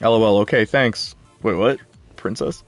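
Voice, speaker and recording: A man's voice: lowish voice, moderate pace, dry recording, soft background music. A young man hosting a live game stream, chatting casually and answering viewer comments. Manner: chatty, jumpy, talks back to chat.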